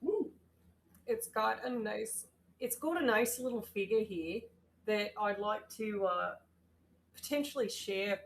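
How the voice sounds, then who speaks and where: A woman's voice: medium pitch, slight background noise. Swearing, joking woman co-host. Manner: swearing, jokey, slips into a put-on Aussie 'mate'. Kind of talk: casual science chat.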